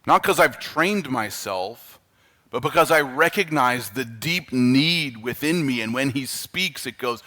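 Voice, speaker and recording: A man with a Canadian accent preaching a sermon as pastor, emphatic and animated, at times dropping to quiet, earnest asides. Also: mid-range voice, a little slow.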